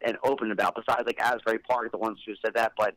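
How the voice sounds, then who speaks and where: A man's voice: fairly low pitch, fairly even intonation, quick pace, fairly bright tone, dry recording, low-quality recording. A man with a Philadelphia accent hosting a podcast in a casual, rambling way, with lots of fillers and restarts. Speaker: podcast host.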